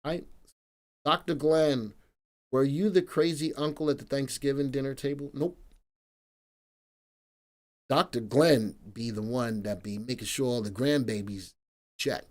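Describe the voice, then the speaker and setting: A middle-aged man hosting a live stock market stream, chatting energetically and playfully with viewers, even breaking into song. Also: medium pitch, measured pace, pauses often. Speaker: stock market analyst host.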